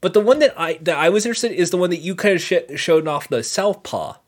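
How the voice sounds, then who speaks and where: A man's voice: high-pitched, quick pace. A man on a casual podcast reading through menu items, chuckling now and then. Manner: reads menu items in a relaxed list, chuckling. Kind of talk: casual chat.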